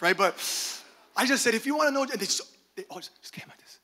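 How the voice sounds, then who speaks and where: Male pastor, high bright voice, animated sermon storyteller. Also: brisk, long pauses, big-room sound. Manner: animated storytelling with laughs and quoted asides. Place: church sanctuary.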